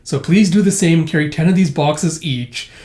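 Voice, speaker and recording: Brief: scornful older veteran woman from a comic read-through, performed by a man, pitched up high and loud, sneering and scolding, no patience for anyone younger. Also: moderate pace, reverberant, natural voice.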